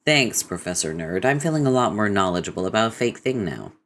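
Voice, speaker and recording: A man's voice: lowish voice, lively intonation, fairly quick, fairly bright tone, a little hiss or hum. A man voicing a sly, catlike young woman in a webcomic read-aloud, arch and mock-grand. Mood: teasing.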